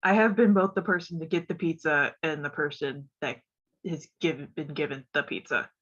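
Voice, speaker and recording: A woman's voice: low-pitched, steady tone, moderate pace, fairly bright tone. A woman from West Virginia, stuffed up, chatting casually and rambling on a stream, laughing often. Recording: dull lo-fi audio.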